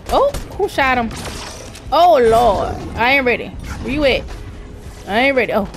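A woman streaming a shooter game, reacting with loud cries to the Lord and rapid repeated words. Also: high-pitched, music in the background. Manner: excitable, exclaims to the Lord and Jesus, repeats words fast. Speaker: gaming channel host. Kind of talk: live gameplay commentary.

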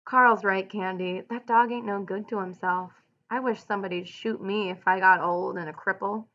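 A woman reading the part of a calm, measured male mule driver, on a dull lo-fi recording. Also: mid-range voice.

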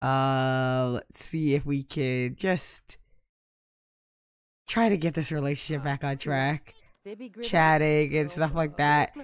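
A young woman giving casual gameplay commentary, exasperated and prone to loud outbursts. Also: sits low, steady tone, slow, clear, resonant tone, no room sound. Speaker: gaming YouTuber.

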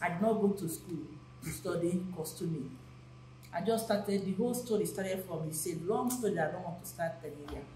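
A woman's voice: lowish voice, a little fast. A woman, telling a long story to guests and acting out what people said. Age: 50s. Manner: animated, acts out quoted voices. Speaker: actress and costumier. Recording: echoey room with faint noise.

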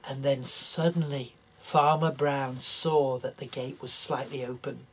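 A man telling a children's story in an animated way, talking straight to the young listeners. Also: mid-range voice, measured pace, breathy edge.

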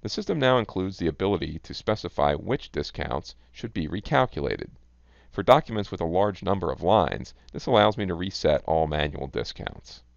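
A man giving scripted narration for a software product demo, measured and even. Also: low voice, vocal fry, dry recording. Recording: dull, lo-fi dry voice-over.

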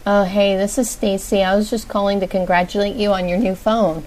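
A young woman hosts a casual show, her voice sitting at an ordinary middle pitch. She is blunt and bossy, swearing at her co-host while prank calling people. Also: level tone, brisk, a little mellow, low-quality recording. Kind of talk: casual chat and prank calls.

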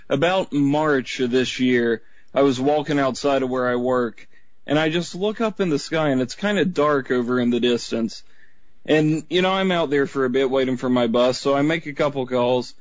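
A man calling a radio show, telling his story in a casual, rambling way. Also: medium pitch. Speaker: caller. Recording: dry, dull lo-fi line.

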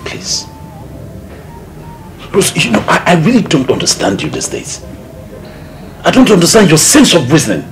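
A dismissive Nigerian husband in a film drama, his pitch swinging wildly as he scolds and mocks. Music sounds clearly behind him. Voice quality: exasperated, mocking. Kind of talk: Nollywood film acting.

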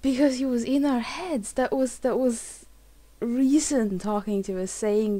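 High, mellow-voiced woman gamer. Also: unhurried. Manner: emotional, swearing, many restarts. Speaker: let's play host. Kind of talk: casual game commentary.

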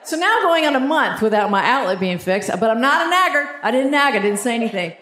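A woman's voice: on the high side, quick pace. A woman in her fifties doing a stand-up comedy set in a theatre, telling stories and acting out the voices of her family. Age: 50s. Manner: animated storytelling with acted-out voices. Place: theatre stage before a live audience. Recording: roomy live theatre sound with audience noise.

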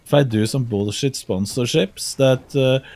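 Gravelly Norwegian-accented man. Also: medium pitch, a little mellow. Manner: easygoing, halting, filler-heavy. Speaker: guest streamer. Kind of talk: casual podcast chat.

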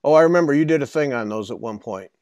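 A man's voice: mid-range voice, expressive, quick pace, a little mellow, smooth, no echo. A man co-hosting the show, easygoing and joking, who asks questions and reads announcements. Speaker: show co-host. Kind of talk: casual chat and announcements.

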